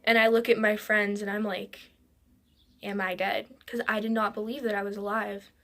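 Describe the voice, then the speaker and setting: A woman telling a personal story in a halting way, with restarts and frequent drops into a whisper. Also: medium pitch, flat delivery, fairly bright tone.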